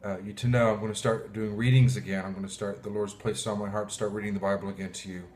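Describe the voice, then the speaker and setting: A man pastor giving a heartfelt, halting sermon, often clearing his throat. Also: on the low side, level tone, darkish tone, a little hiss or hum. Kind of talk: emotional sermon.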